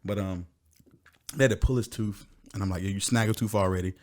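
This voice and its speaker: A man's voice: fairly low pitch, fairly even intonation, brisk, darkish tone. A man who is a podcast guest, talking casually with emphatic, joking banter. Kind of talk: casual chat.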